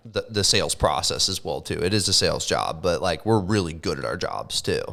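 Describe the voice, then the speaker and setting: Young man, casual podcast chat, slangy, swears a lot, somewhat low voice. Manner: animated, swears often, says like and bro. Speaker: podcast co-host.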